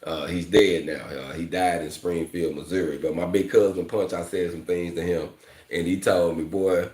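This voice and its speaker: Male welding coach, very deep voice, speech, loose slangy vlog chat, echoey room. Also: normal speed. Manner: candid, repeats "fam" and "you know", slangy. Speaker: welding instructor. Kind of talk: casual vlog talk to viewers.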